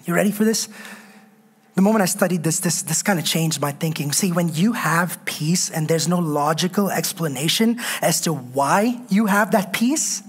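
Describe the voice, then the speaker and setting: A woman's voice: on the low side, slightly rough. Woman preacher exhorting her congregation. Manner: exhorting, calls on the congregation to respond; emphatic repetition of phrases. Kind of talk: sermon.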